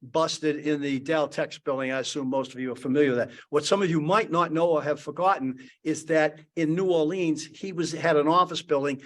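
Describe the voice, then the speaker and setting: Rambling older man, somewhat high voice. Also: fairly even intonation, a little fast, few pauses, a bit bright. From Boston area. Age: 70s. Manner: rambling anecdotal talk with many restarts. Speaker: panelist. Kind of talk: storytelling on a panel. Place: conference panel.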